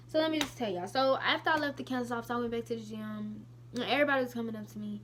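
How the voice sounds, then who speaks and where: A young woman vlogger telling a personal story to her viewers in a casual, emotional, animated way with many asides. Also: fairly high pitch, quick pace, slight background noise.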